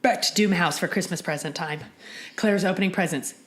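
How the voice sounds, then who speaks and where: A young adult woman co-hosting a podcast, recapping a TV episode in an animated, profane way and laughing often. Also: lowish voice, brisk. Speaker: podcast co-host. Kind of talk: casual TV recap chat. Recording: echoey room.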